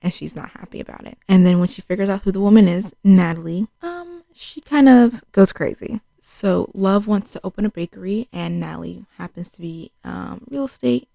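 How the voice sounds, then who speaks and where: A woman's voice: medium pitch, lively intonation, moderate pace, creaky, few pauses, warm tone, no echo. A young woman recapping a TV series in a chatty, casual way, peppering her talk with "like" and acting out quotes. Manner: chatty, fills speech with "like", acts out quotes. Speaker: TV show reviewer. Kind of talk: casual spoken show recap.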